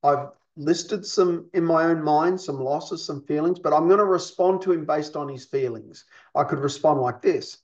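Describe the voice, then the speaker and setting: A man's voice: on the high side, moderate pace, hardly any pauses, dull audio. A man teaching a counselling lesson in an explanatory way, often checking in with his listeners. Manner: explanatory, checks in with "you see?" and "okay?". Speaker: counselling instructor.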